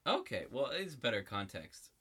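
A young adult man co-hosting a casual recap chat, slangy and quick to laugh, acting out characters' lines as he goes. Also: mid-range voice, very animated, pushed and bright, slightly rough. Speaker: podcast co-host.

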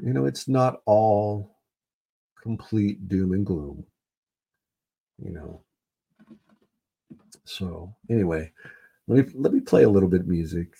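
Man, low voice, warm dark tone, casual solo podcast rant, profane, rambling. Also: expressive, slow pace, creaky, pauses often, breathy edge. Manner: rambling, profane, repeats himself, frequent fillers. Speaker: podcast host.

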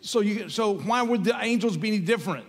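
A man's voice: high voice, fairly quick, long reverb tail. A man preaching a sermon as pastor, emphatic and repetitive, building in intensity.

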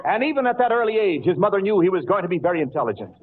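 A man's voice: high voice, very animated, rapid-fire, very noisy. Wisecracking man on tinny old radio. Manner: wisecracking, punchline delivery. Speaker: comedy radio host. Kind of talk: comic narration for a radio audience.

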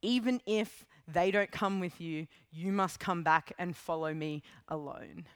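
Woman preacher doing a quiet, grave storybook lion, low and dry. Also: unhurried, no echo, lightly acted. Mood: solemn. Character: lion, wise stern male guide.

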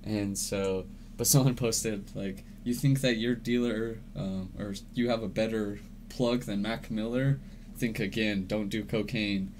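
A man's voice: on the low side, steady tone, measured pace, a little mellow. A young man chatting casually as a podcast co-host, laid-back and swearing freely, often laughing. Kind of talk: casual chat. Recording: faint background noise.

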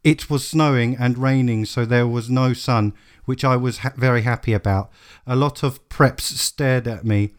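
A man reads fan fiction aloud in a flat, dry comedic delivery, with a plain, mid-pitched voice. He plays it straight so the silly text lands on its own. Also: normal speed. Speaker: podcast co-host. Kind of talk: comedic dramatic reading.

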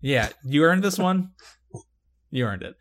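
Male host, a bit high-pitched, animated recapper who acts out the quotes and laughs. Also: unhurried. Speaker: podcast host recapping a TV episode. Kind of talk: casual chat.

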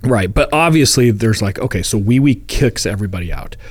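A man with a lowish voice tells a crime story in a relaxed, chatty way, often breaking into brief laughs. He is recorded close to the mic in a dry room with no echo. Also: fairly quick, breathy edge. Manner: storytelling, acts out quotes in funny voices; chuckles often. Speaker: podcast co-host. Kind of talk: casual true crime chat.

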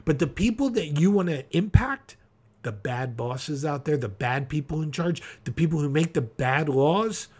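A man preaching a practical podcast sermon, emphatic and direct, acting out quick quotes to make his points. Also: on the high side, animated, a little mellow, husky.

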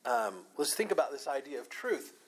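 A man's voice: mid-range voice, very animated, fairly quick, breathy edge, low-quality recording. A man preaching a Sunday morning sermon, teaching in an earnest way and leaning hard on the scripture he quotes. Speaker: pastor.

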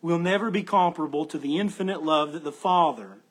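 A man with a high, husky voice preaches an expository sermon. He speaks earnestly and with emphasis, circling back to repeat key phrases. His manner is that of a patient teacher walking through a text. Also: fairly quick. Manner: teacherly, explains Greek word order. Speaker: pastor.

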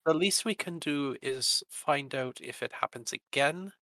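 A man playing a tabletop game, switching between narrating his character and speaking as him in an animated way. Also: a little high, a little slow, dry recording, poor audio.

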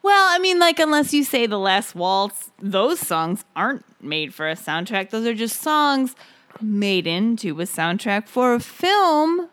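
A woman's voice: on the high side, big pitch swings, measured pace, a bit bright. A woman in her forties co-hosting a podcast, joking and swearing in casual chat. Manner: joking, profane, riffing. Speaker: podcast co-host.

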